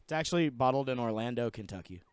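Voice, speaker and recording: A man's voice: mid-range voice, animated, quick pace, clear, resonant tone. A young man co-hosting a podcast in casual chat. He sounds laid-back and rambling and is fond of jokes. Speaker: podcast co-host.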